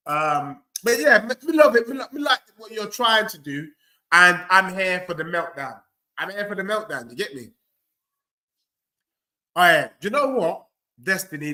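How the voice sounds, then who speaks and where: A man's voice: fairly high pitch, bright, forceful tone. A young man hosting a football watchalong, trash-talking and answering his chat. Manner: cocky, trash-talking, addresses chat directly. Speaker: host of a football watchalong stream. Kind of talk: live stream banter reading chat.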